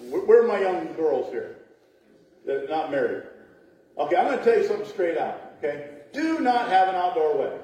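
Middle-aged male pastor, high-pitched, chatty storytelling preacher, recorded from far off in a booming church hall. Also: sing-song, normal speed, dark tone. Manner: chatty, laughing asides, acts out voices in stories. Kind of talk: storytelling sermon. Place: church sanctuary.

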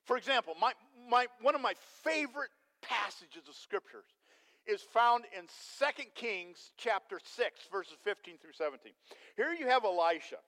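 A man preaching a sermon as pastor, telling a story with animated energy and putting questions to the congregation. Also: extremely high pitch, moderate pace. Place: church sanctuary. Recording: long hall reverb.

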